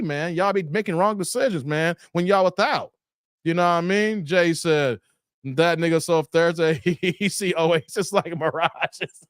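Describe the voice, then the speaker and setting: Man, live stream host, casual chat, high lively voice, dry close mic. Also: no echo. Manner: animated, laughing often, reading out viewer comments.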